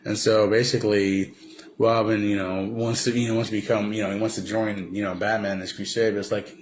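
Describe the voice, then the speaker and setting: A man's voice: on the low side, flat delivery, fairly quick, a little hiss or hum. A man casually recapping a film for a video, rambling with lots of fillers and restarts. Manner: rambling, many fillers and restarts, slips into impressions. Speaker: vlogger.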